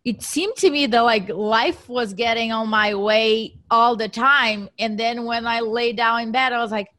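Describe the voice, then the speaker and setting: Woman, podcast co-host, lively storytelling, fairly high voice. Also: a little slow. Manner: animated storytelling, acts out her own quotes. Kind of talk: casual chat.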